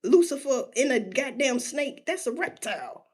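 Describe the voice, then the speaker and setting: A woman delivering a casual solo rant, loose and profane, full of street slang. Her fairly high voice leaps around wildly and keeps tossing questions straight at the audience. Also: expressive, darkish tone, slightly rough. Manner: drawn-out emphasis on words, sudden pitch jumps. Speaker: solo commentator.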